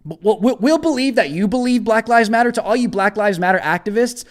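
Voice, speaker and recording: Emphatic high-voiced male show host. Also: expressive, brisk. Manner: emphatic, repeats phrases for emphasis; blunt and combative. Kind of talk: live commentary show.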